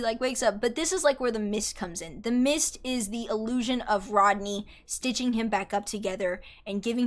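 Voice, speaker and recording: A young woman chatting casually on a livestream while drawing, rambling excitedly, swearing and yelling at her chat. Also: a little high. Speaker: artist streamer.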